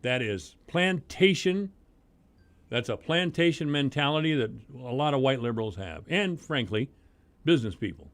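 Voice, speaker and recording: A man hosting talk radio with a Midwestern American accent, delivering a heated, sarcastic opinion monologue that swings between loud outbursts and low muttering. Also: animated, moderate pace. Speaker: radio talk show host.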